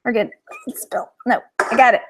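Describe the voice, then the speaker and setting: A woman's voice: fairly high pitch, steady tone, fairly quick, a little hiss or hum. A woman from Texas who hosts a casual live stream as a reseller. She chats about her finds and laughs often.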